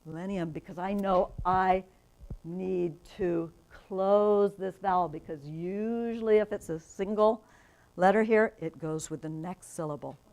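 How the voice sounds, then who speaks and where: A woman who teaches reading methods at a university, giving a lively professional development lecture to teachers and often checking in with the audience. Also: lowish voice, unhurried, poor audio. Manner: enthusiastic, asks the audience questions, frequent "right?". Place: conference room.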